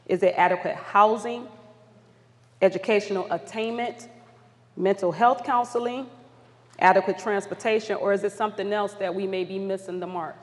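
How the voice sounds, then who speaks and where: A woman's voice: medium pitch, fairly even intonation, normal speed. A woman facilitator leading an audience through polling questions at a community summit, upbeat and encouraging. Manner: upbeat, encouraging, apologetic when flustered. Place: large conference hall. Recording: long hall reverb.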